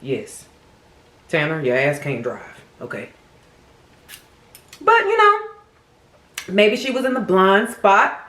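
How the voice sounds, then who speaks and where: A woman hosting a mukbang video, telling a crime story in a sassy, animated way, speaking straight to her viewers. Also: medium pitch, takes it slowly, pauses often, roomy sound. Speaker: mukbang host. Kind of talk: casual true-crime storytelling while eating.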